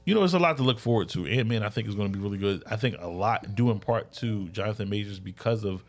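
A man in casual podcast chat, slangy and animated, acting out quotes. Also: quick pace. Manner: animated, slangy, acts out quotes with big pitch jumps.

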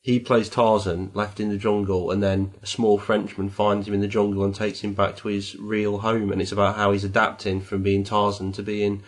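Male co-host, low voice, dry rambling banter, easy laughs. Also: little pitch movement, normal speed, few pauses. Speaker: podcast co-host. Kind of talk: casual chat, banter.

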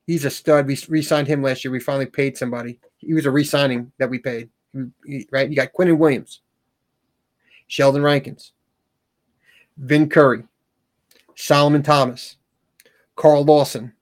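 A man co-hosting a sports talk show, speaking in casual, animated chat. He tags his points with "right?" and repeats and restarts words. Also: mid-range voice, moderate pace, pauses often.

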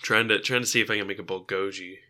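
A man's voice: lowish voice, fairly even intonation, fast talker, sharp tone. A man co-hosting a comedy podcast, rambling through jokey riffs and laughing often, tired and punchy after a long recording session. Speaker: podcast co-host. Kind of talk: punchy casual banter among friends.

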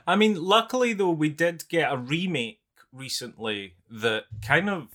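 A man co-hosting a casual film podcast, making dry, sarcastic remarks in a deadpan way. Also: fairly high pitch, unhurried. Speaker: podcast co-host.

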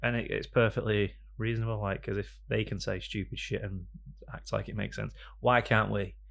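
A man hosting a podcast in a studio, rambling and joking with bursts of loud energy. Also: fairly low pitch, little pitch movement, moderate pace, vocal fry. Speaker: podcast host. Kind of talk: casual chat. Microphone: studio microphone.

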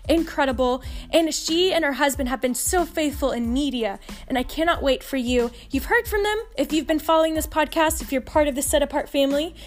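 An enthusiastic woman with a Texan accent hosts a faith podcast. Her voice sits high and bright in pitch. Soft music plays faintly underneath. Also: a little fast, few pauses. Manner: enthusiastic, upbeat. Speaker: podcast host.

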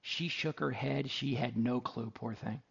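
A man's voice: medium pitch, measured pace, gravelly, slightly rough, lo-fi sound. A middle-aged man, hosting a radio show in a chatty, jokey storytelling way. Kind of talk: casual radio talk and ad read.

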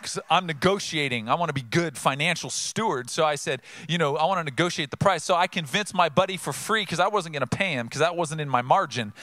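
A man from Southern California preaching an energetic, conversational sermon full of rhetorical questions. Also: a little high, fairly quick, hardly any pauses, no echo. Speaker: pastor.

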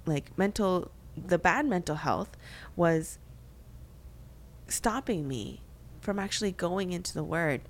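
A woman's voice: lowish voice, expressive, slow, a little hiss or hum. A young woman co-hosting a faith podcast, talking candidly and reflectively, with frequent fillers and restarts. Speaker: podcast co-host.

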